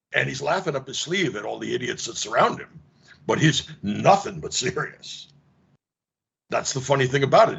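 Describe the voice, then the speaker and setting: A man teaching a casual online seminar, wry and animated, acting out dialogues with mock exasperation. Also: mid-range voice, vocal fry, husky. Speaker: lecturer. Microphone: video call. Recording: lo-fi online call audio.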